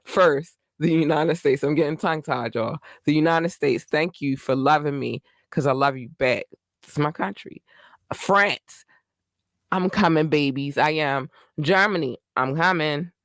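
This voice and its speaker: A man from Baltimore hosting his own podcast, talking in a chatty, rambling and effusive way with bursts of excitement. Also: on the high side, normal speed, no echo, studio quality. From Baltimore, Maryland. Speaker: podcast host. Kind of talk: casual solo podcast monologue.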